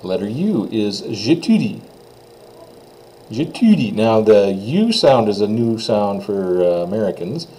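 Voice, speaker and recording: A man teaching French pronunciation, saying phrases slowly for students to repeat and explaining the sounds in plain, encouraging words. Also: fairly low pitch, lively intonation, warm tone, a little hiss or hum, low-quality recording. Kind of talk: classroom pronunciation lesson.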